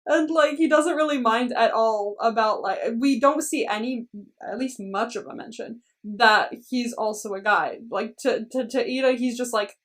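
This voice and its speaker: High-voiced gushing woman, a bit off-mic. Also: moderate pace, recorded from a distance. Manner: gushing, laughs often. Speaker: podcast co-host. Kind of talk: casual recap chat.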